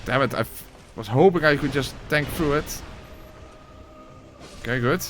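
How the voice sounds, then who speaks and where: A man's voice: medium pitch, measured pace, fairly bright tone, soft background music. A man giving casual gameplay commentary and voice-over narration, exclamatory, swearing, with wry asides.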